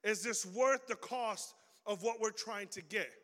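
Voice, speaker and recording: A young man with a high, bright voice gives a youth sermon in a large hall, and his words ring out with a long echo. He talks in a loose, slangy way and keeps throwing questions at the crowd. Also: measured pace. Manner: casual and slangy, quizzing the audience. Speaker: youth pastor. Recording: reverberant hall.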